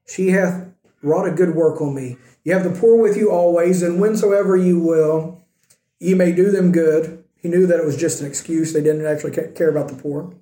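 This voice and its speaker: A man's voice: fairly high pitch, steady tone, fairly quick, dark tone, reverberant, low-quality recording. A man preaching a conversational sermon as pastor, using rhetorical questions. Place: church sanctuary.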